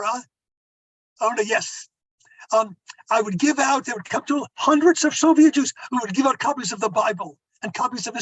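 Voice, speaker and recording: A man's voice: extremely high pitch, fairly bright tone, no echo, rough recording. An older man, a rabbi, telling stories to an audience in a conversational way, with asides to his listeners. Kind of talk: storytelling talk.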